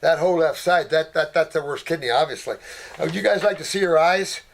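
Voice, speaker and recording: Fielding viewer questions in a loose, chatty Q&A, an older naturopath speaks fairly quickly in a gravelly voice pitched slightly high for a man, with a little hiss or hum on the audio. He's folksy and rambling, using endearments like honey and sweetheart, and often drifts into fillers while hunting for a word.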